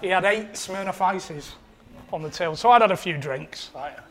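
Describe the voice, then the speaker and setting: A man's voice: sits high, moderate pace, fairly bright tone. A man, rambling through a self-mocking anecdote on a podcast. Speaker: podcast producer. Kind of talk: casual storytelling.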